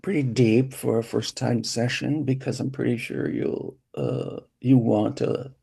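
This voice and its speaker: Slow, gravelly man, dark and husky, a gentle therapist demoing a session, full of restarts. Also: medium pitch, steady tone. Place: symposium hall, hybrid session.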